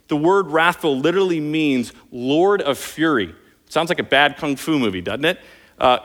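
A man's voice: on the high side, lively intonation, normal speed, fairly bright tone. A male pastor preaching a sermon earnestly, building intensity on his key points. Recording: long hall reverb.

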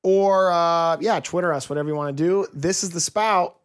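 A man's voice: fairly high pitch, normal speed, clean tone. A man hosting a casual podcast, rambling with many fillers and wrapping up the show. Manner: rambling, filler-heavy, upbeat sign-off. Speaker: podcast host.

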